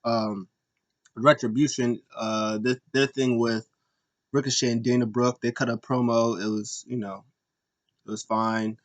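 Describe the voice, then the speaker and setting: A man's voice: medium pitch, unhurried. Male host, casual recap, rambling delivery with restarts and fillers, mid-range voice. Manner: rambling, animated retellings with frequent fillers and restarts. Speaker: podcast host.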